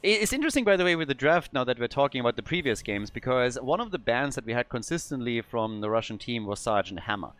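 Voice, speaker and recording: A man casting a live esports match, calling the plays fast and getting excited at big moments. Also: medium pitch, clear, resonant tone. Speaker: esports caster. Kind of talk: live game commentary.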